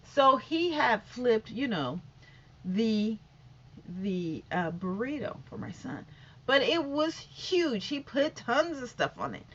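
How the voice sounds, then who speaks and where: A woman's voice: a little high, very animated, slow pace, a bit bright, husky. A middle-aged woman vlogger telling a casual story-time monologue, rambling with lots of fillers and restarts and acting out every exchange. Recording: dull lo-fi audio.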